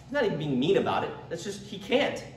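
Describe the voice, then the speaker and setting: A man with a fairly high voice teaches a church Bible lesson, chatty and conversational, now and then slipping into the voices of people he quotes. He is picked up from across an echoey room, and a faint background hum sits under him. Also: very animated, fast talker, distant mic. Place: church classroom.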